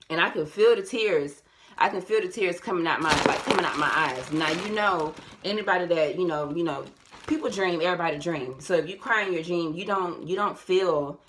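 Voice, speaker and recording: A young woman tells a personal story straight to her viewers. She talks casually and animatedly, repeats her lines and calls the audience y'all. A faint hiss sits under the recording. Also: low voice. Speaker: vlogger.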